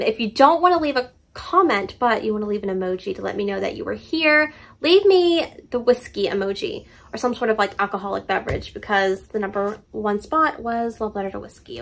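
Gushing woman book reviewer, higher voice. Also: a bit bright. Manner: emphatic, playful, gushing. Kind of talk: casual chat to camera.

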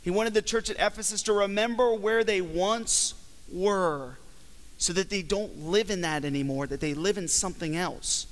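Pastor guy preaching, kinda high voice, big echo of a church hall, leans hard on words. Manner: emphatic preaching with slow, stretched phrases. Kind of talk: sermon. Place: church sanctuary. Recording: long hall reverb from a church.

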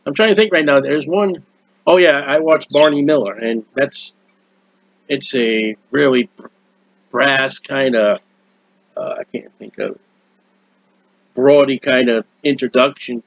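A man preaching a sermon in an earnest, rambling way, with restarts and quiet asides, recorded at home. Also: mid-range voice, a little slow, long pauses, no room sound, highs cut off. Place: at home, birds heard nearby.

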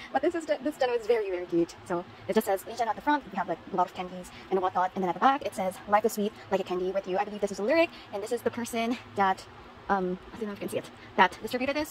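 A woman's voice: medium pitch, a little hiss or hum, poor audio. A woman showing off her concert haul in a casual vlog, gushing and repeating herself. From Philippines. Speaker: vlogger.

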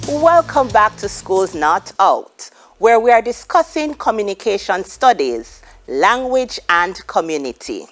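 A woman's voice: mid-range voice, big pitch swings, a little slow, faint music behind. A Jamaican woman teaching a televised lesson, explaining each point and then giving Creole example sentences. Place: TV studio.

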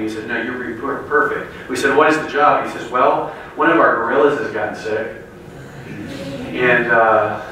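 A man giving a sermon to a room of students, telling a joke story with lively character voices before turning to a Bible passage. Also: medium pitch. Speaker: guest speaker. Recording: very echoey room from a distance, faint noise.

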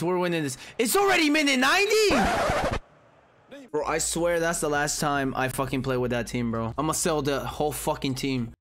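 A young man commentating his own live gameplay, cursing freely and swinging from low muttering to loud yelling. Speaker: gaming streamer.

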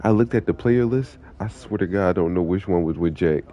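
A man's voice: low-pitched, a little fast, dull audio. A young man streaming an online game, chatting with viewers in a laid-back, slangy, profane way. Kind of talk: casual live-stream chat.

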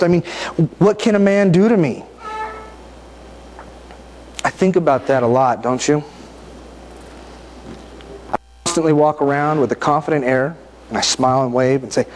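A man's voice: on the high side, darkish tone, slight background noise. A man giving a conversational sermon, often asking his listeners questions and reading scripture aloud. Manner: conversational, asks the audience questions. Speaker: preacher.

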